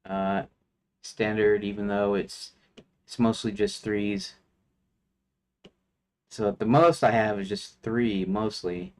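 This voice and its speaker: A man with a fairly low voice speaks slowly and pauses often while streaming game development. He works through things aloud, starting over at times and counting under his breath.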